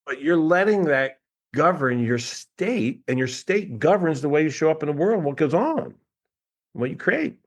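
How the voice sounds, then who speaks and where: A man's voice: a little high, normal speed. A man speaking as a guest coach in a casual podcast conversation, telling stories with lots of laughter and little impressions of people. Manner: animated storyteller, laughs often, mimics people.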